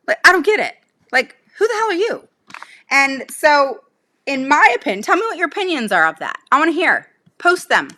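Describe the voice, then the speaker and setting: Her voice a little high, pushed, and bright, a woman speaks casually to livestream viewers as a special education advocate. Indignant and emphatic, she rattles off rhetorical questions.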